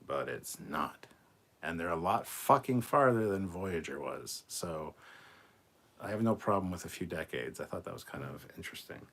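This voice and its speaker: A low-pitched man with a slightly husky voice, hosting a relaxed livestream. He reads viewer comments aloud and answers them bluntly, dropping the odd swear word as he goes. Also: normal speed. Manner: laid-back, blunt, swears casually, laughs between comments. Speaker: host reading viewer chat. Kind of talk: casual livestream chat.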